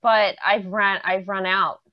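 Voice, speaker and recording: A woman's voice: medium pitch, flat delivery, measured pace. A woman co-hosting a live show, playful and enthusiastic. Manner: playful, enthusiastic about costumes. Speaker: show co-host. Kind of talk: casual live show chat. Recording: dull lo-fi stream audio.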